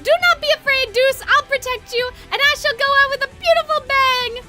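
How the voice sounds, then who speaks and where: A woman's voice: extremely high pitch, brisk, loud music behind the voice, pitched above the performer's own voice. A woman voicing a flowery, theatrical young man hunter with a dry throat, speaking in grand, poetic phrases.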